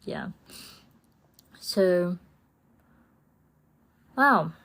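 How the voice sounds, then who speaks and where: A woman chats through her solo podcast at an unhurried pace. Her voice sits a little low. She rambles warmly, laughing often and slipping into playful voices for her own inner thoughts. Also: huge pitch swings. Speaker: podcast host. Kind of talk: casual solo podcast chat.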